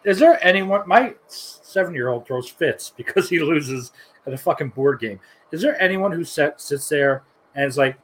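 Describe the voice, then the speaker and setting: A man's voice: a little high, expressive, moderate pace, a bit bright, low-quality recording. A man in his thirties co-hosting a podcast, laughing and swearing as he jokes. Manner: laughing, profane joking. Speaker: podcast co-host. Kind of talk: casual podcast banter.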